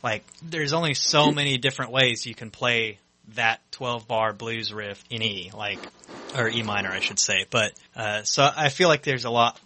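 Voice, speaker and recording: Male podcast co-host, mid pitch, very bright tense tone, rambling casual delivery. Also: normal speed. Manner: rambling, lots of fillers like "you know" and "like". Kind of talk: casual chat.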